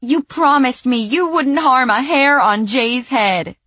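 A frantic, scolding middle-aged woman with a shrill, breathless voice, done by a woman reader. She pitches way up and pushes hard. The reading is dry and close, with a husky edge. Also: big pitch swings, takes it slowly, fairly bright tone, no room sound, full character voice. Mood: furious.

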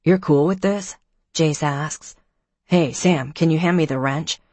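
Low-voiced woman reading a novel. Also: measured pace, a little mellow, no echo. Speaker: audiobook narrator. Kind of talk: first-person novel narration with character voices.

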